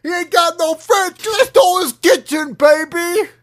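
A man putting on a loud, swaggering New Jersey Italian tough-guy voice. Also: very high voice, normal speed, voice pushed up. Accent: New Jersey, put on. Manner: brash, shouting tough-guy bluster.

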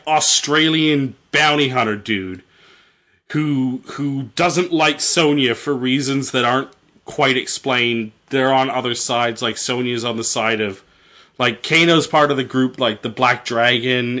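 A man's voice: medium pitch, bright, forceful tone. A man casually retelling a video game story, rambling and jokey with lots of fillers. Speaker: storyteller host.

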